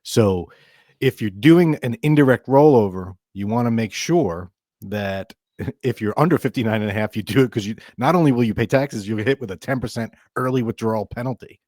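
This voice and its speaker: A man's voice: medium pitch, fairly quick, a little mellow, dry recording, clean studio sound. A middle-aged man hosting a financial radio show, explaining rules in a chatty way, with restarts and emphatic asides. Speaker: financial advisor and podcast host.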